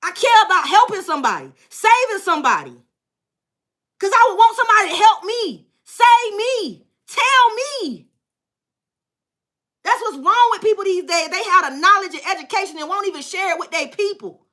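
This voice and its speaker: A woman's voice: very high-pitched, very animated, normal speed, bright, forceful tone. A woman tarot reader on a livestream, effusively thanking and blessing viewers and bluntly cursing out trolls.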